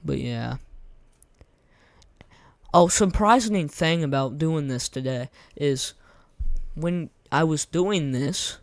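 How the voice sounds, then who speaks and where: Hoarse young man rambling over gameplay. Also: on the high side, expressive, slow, pauses often, dry recording. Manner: rambling, slangy, repeats himself. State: hoarse, losing his voice. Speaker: gaming content creator. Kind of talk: casual gameplay commentary.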